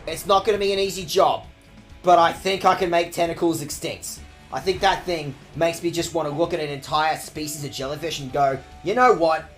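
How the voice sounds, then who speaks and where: A man's voice: fairly high pitch, steady tone, a little fast, soft background music. A man streaming a game with sweary, jokey commentary. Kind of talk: casual gaming commentary.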